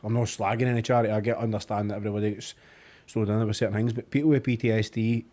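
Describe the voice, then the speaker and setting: A man's voice: on the low side, level tone, very fast, dark tone. A Scottish man co-hosting a podcast, joking around and then talking earnestly about a charity cause. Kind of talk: casual chat.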